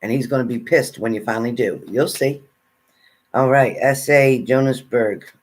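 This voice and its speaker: A man's voice: medium pitch, normal speed. Chatty man reading live comments. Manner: chatty, reads out viewers' comments, eats while talking. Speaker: tarot reader greeting live chat. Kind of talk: casual live-stream chat.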